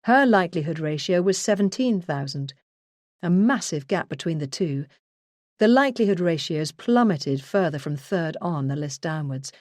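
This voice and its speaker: A woman narrating a first-person true crime memoir in a measured, earnest way. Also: fairly low pitch, animated, darkish tone, no room sound, clean studio sound. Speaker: audiobook narrator.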